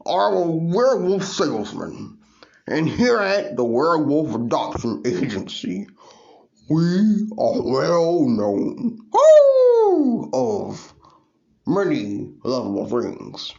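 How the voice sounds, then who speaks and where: A man voicing a friendly male werewolf salesman who makes a rambling pitch broken by howls. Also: huge pitch swings, slow pace, vocal fry, a little mellow, heavily acted. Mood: salesy. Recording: dull lo-fi recording.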